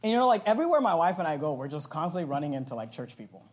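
High-voiced loud preacher man. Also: rapid-fire. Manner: loud, animated storytelling from the pulpit; bursts into yelling. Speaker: pastor. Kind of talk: sermon.

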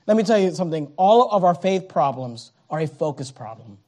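A man with a very high voice preaches a sermon. He acts out the scripture characters as he goes, dropping to hushed tones and then rising to shouts. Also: expressive, brisk.

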